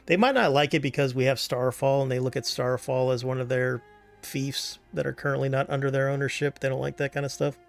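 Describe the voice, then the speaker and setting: A man's voice: mid-range voice, fairly even intonation, a little fast, creaky, faint music behind. A man streaming a game live, chatting casually, rambling and joking, swearing now and then at the game. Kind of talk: casual livestream chat.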